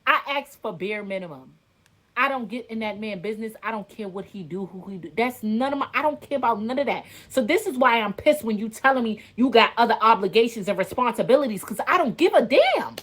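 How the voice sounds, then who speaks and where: Heated ranting woman, high voice. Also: animated, brisk, a bit bright. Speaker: content creator. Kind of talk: emotional casual monologue.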